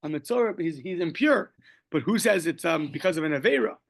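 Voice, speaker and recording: A man's voice: fairly high pitch, lively intonation, a little fast, gravelly. A man teaching a daily Talmud class, explaining the text step by step, quoting Aramaic and Hebrew phrases and joking lightly along the way. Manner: casual, joking asides.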